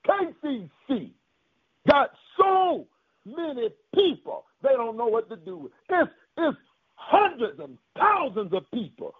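Man, preacher, high lively voice, husky, declaring, tinny radio line. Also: unhurried, dry recording. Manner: preachy, declaring, speaks in tongues. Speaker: pastor. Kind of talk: sermon on radio.

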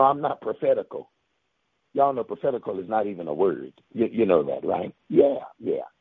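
A man preaching a radio sermon, making loud declarations and at times speaking in tongues. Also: medium pitch, husky, dry recording. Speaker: pastor. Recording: tinny phone-like radio line.

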